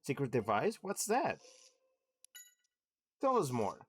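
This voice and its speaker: A man's voice: medium pitch, huge pitch swings, slow, fairly bright tone, slightly rough, full character voice. A streamer reading Detective Pikachu's lines aloud as a pushy little mouse detective grilling a suspect, in his own voice. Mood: interrogating. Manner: reads game text aloud in his own voice. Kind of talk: reading game dialogue aloud.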